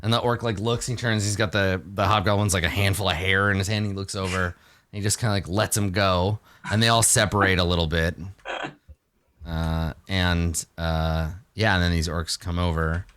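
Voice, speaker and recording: A man's voice: sits low, little pitch movement, moderate pace, a bit bright, smooth. A man narrating as game master in a tabletop game, loose and chatty with many fillers.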